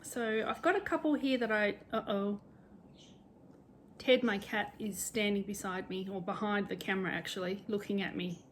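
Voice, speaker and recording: A cross-stitch vlogger, this middle-aged Australian woman has a mid-range voice and a moderate pace, with a little background noise. Her casual chat is cheerful and rambling, centered on stitching and sewing at home, and she pokes fun at herself now and then.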